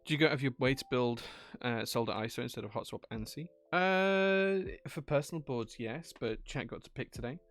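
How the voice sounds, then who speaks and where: A man's voice: mid-range voice, fast talker, few pauses, faint music behind. A man streaming live, chatting casually while he builds a keyboard, thinking aloud and answering chat.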